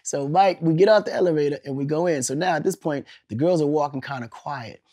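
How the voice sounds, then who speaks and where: A man in his forties, an interview guest telling animated stories, laughing and swearing casually. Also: fairly high pitch, fast.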